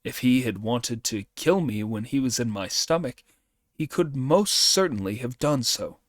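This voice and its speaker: A persuasive senior demon chief, as a male reader puts him on, talking close to the reader's own voice. He speaks slowly with lively pitch in a dry storybook reading. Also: dry recording, close to an everyday voice.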